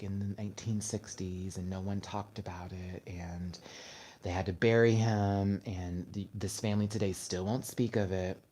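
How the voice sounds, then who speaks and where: A man hosts a casual livestream and talks straight to his viewers. He tells stories with energy and acts out the words of the people in them. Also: deep voice. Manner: animated storytelling, acting out his mother's words. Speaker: host.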